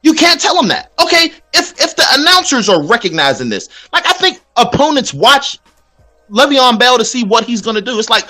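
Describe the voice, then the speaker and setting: A man's voice: very high-pitched, sing-song, fairly quick, sharp tone, soft background music. A man hosting a casual sports talk show, ranting with plenty of profanity. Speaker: podcast host.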